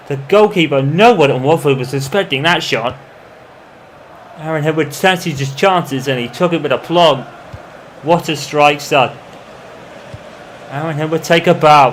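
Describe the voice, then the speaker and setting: A man commentating over his own football video game in the style of a match broadcaster, calm between plays and erupting into shouts when a goal goes in. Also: fairly high pitch, a little hiss or hum. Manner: excitable, bursts into shouting on goals. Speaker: gamer doing mock football commentary. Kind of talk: playful imitation of match commentary over gameplay.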